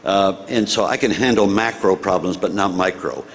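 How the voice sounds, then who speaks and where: An older man from the United States, a former senator, telling an animated story to an audience and acting out the dialogue. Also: deep voice, normal speed, slight background noise. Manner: animated, acts out dialogue, chuckles at own story.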